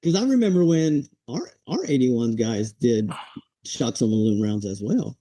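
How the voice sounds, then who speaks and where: A man recalling his war memories in casual chat, relaxed and wry. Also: medium pitch, unhurried, no echo, poor audio. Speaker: guest, Marine veteran.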